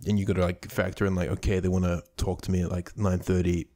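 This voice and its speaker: Young man, light Kiwi accent, dark gravelly tone, loose rambling interview guest. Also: deep voice, little pitch movement, fast. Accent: light New Zealand. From New Zealand. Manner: laid-back, rambling with many fillers. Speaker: YouTuber guest. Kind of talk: casual interview chat.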